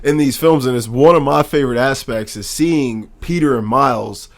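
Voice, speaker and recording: A man's voice: mid-range voice, moderate pace. Enthusiastic male podcast co-host. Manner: enthusiastic, animated fan talk. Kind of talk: casual chat.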